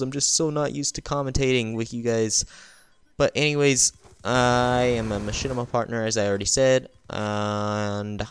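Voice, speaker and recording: A man's voice: medium pitch, moderate pace, a little hiss or hum. A tired man giving a casual, rambling voice-over about a game he played, filling his talk with ums and restarts. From United States. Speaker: gaming channel host. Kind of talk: casual gameplay voice-over commentary.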